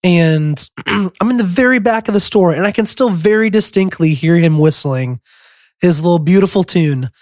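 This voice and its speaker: A young man co-hosting a podcast, rambling through a casual story with lots of ums, throat-clearing and chuckles. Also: high voice, moderate pace, darkish tone, no room sound, studio quality. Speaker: podcast co-host.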